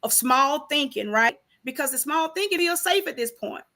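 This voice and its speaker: A woman's voice: sits high, animated, moderate pace, sharp tone. A woman in a casual, faith-based conversation, talking emphatically and preachily with many rhetorical questions.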